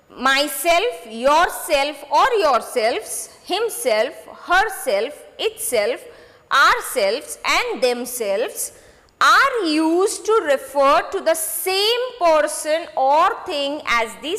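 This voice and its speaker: A woman teaching a grade six grammar lesson, repeating points slowly and checking in with students. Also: sits high, sharp tone, big-room sound. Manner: slow, repetitive, addresses students with "okay?" checks.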